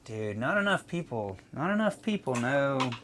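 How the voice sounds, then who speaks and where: A man's voice: mid-range voice, big pitch swings, moderate pace, a bit bright, a little hiss or hum. A man from North Carolina, a tattoo artist, telling a rambling, profane story in a casual chat while he paints in a tattoo studio. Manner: profane, rambling, acts out both sides of the old conversation.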